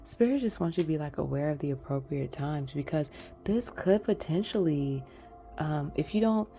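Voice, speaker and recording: A woman's voice: sits low, lively intonation, normal speed, mellow, soft background music. A woman giving a casual pick-a-card tarot reading, talking in a rambling, chatty way straight to her viewers. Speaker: tarot reader.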